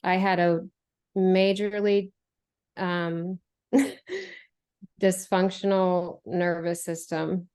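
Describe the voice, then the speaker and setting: A woman's voice: on the low side, lively intonation, extremely slow, pauses often, darkish tone, clear, resonant tone. A woman telling her recovery story as an interview guest, earnest and chatty, with many fillers and restarts. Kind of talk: candid conversational storytelling.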